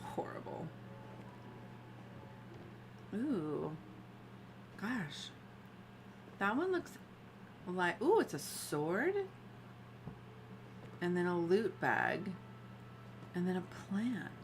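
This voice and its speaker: A woman's voice: on the low side, sing-song, extremely slow, pauses often, a little hiss or hum, low-quality recording. A woman streaming a cozy game, chatting casually, thinking aloud and giggling as she plays. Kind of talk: casual gameplay commentary.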